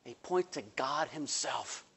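A man preaching a sermon as pastor, telling stories and moving between soft, quiet passages and emphatic ones. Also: medium pitch, animated, slow pace, vocal fry, slightly rough, long reverb tail.

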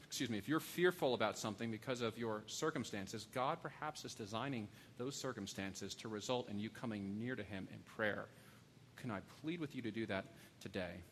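Guy preaching in a church, earnest and pleading, voice rings out in the big room, bit of low hum behind. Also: fairly bright tone, long reverb tail. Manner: earnest, pleading, storytelling with asides to kids. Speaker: pastor. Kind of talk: sermon. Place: church sanctuary.

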